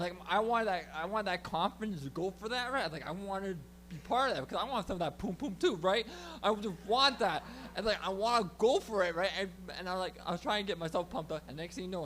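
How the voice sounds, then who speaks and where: A man performing a stand-up comedy set, telling an animated story with shouted sound effects. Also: high voice, a little hiss or hum.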